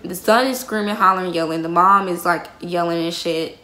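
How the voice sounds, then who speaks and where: A woman's voice: on the low side, a little fast, bright, forceful tone. A young woman telling a heated, profanity-laced story to her viewers, calling them y'all. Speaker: vlogger. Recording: roomy echo.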